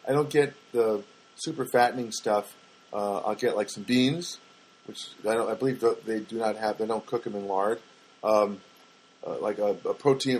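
A man's voice: lowish voice, a little mellow, slightly rough. An older man hosting a casual solo podcast, telling rambling everyday anecdotes with wry asides and frequent self-corrections. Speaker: podcast host.

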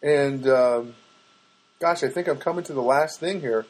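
A husky-voiced man rambles through a comic monologue, stopping and restarting as he goes. His humor is self-mocking, with many quick asides. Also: mid-range voice, rough recording.

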